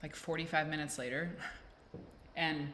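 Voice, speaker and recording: Woman, low voice, casual rambling vlog chat, playful, echoey room, faint background hiss. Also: fairly even intonation, moderate pace, fairly bright tone. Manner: rambling, self-deprecating, playful. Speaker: vlog host. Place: indoors at home with a fan blowing.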